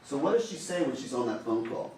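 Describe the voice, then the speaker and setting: Guy making a closing argument in court, middle pitch, far off the mic, big echo. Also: very animated, quick pace, dark tone, slight background noise. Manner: urges and repeats to the jury. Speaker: prosecutor.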